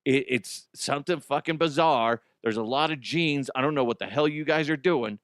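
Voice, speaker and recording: A man's voice: medium pitch, normal speed, a bit bright, no room sound, clean studio sound. A man hosting a comedic news podcast, rambling casually, swearing and mocking himself. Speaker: podcast host.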